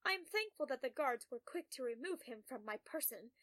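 A woman narrating a first-person story in a crisp, wry, composed way. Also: sits high, animated, brisk, bright, forceful tone, dry recording.

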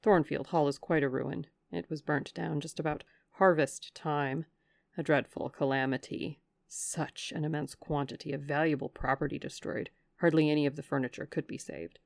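A woman's voice: sits low, fairly even intonation, normal speed, creaky, dry recording, studio quality. A woman voicing a respectful middle-aged man, a former butler who tells a story in a confiding, deferential way. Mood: dismayed.

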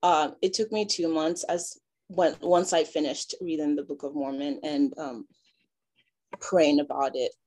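A young woman from Nigeria, giving a halting personal testimony full of fillers and restarts. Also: deep voice, steady tone, a little mellow. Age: young adult. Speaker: interviewee.

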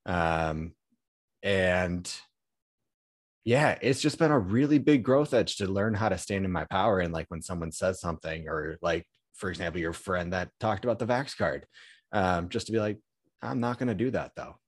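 A man with a deep, low-pitched voice hosts a podcast in an easygoing, earnest way, dotting his talk with fillers. The sound is dry and close, with no room echo. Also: moderate pace. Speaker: podcast host. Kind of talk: casual conversation.

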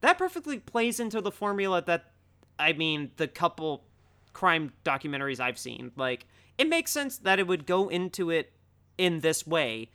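A young man in excitable, casual podcast chat who often says "dude.". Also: a little high, normal speed, clean tone.

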